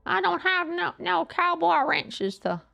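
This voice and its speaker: A woman with a very high, bright voice chats playfully on a game stream. Her pitch bounces widely while she speaks slowly, with a gravelly edge under it. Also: very animated, dull audio, faint music behind. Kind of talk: casual chat on a game stream.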